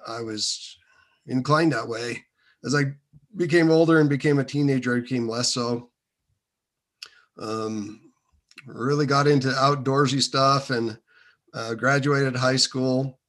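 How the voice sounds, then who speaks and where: Brief: man, middle pitch, bright forceful tone, meandering and filler-heavy storytelling. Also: a little slow, long pauses. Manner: hesitant and meandering, many fillers. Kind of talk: personal storytelling.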